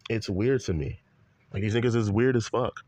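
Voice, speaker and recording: A man's voice: on the low side, moderate pace, a little mellow, no room sound, muffled recording. A man, ranting heatedly in online commentary, cursing often and circling back to the same points. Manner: heated, profane, repetitive rant.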